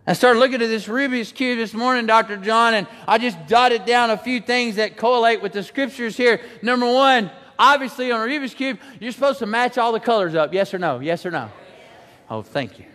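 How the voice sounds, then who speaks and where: Animated high-voiced preacher, reverberant. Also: male voice. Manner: animated, shouts lines for emphasis, stretches words slowly. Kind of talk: sermon. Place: church sanctuary.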